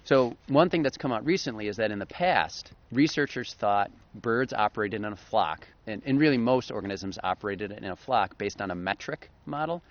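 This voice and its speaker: A man's voice: on the low side, lively intonation, normal speed, hardly any pauses. A man co-hosting a podcast, explaining research in an enthusiastic, casual way and laughing easily. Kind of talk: casual chat. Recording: slightly dull lo-fi podcast audio.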